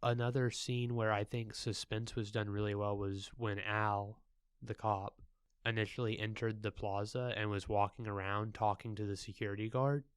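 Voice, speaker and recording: A man's voice: fairly low pitch, level tone, moderate pace, smooth, no room sound, studio quality. A young man co-hosting a podcast, laid-back and joking, with the odd crude aside. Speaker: podcast co-host. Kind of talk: casual chat.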